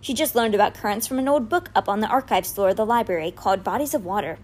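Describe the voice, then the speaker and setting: A woman reading a children's novel aloud as an expressive storyteller. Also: medium pitch, fast. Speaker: reader.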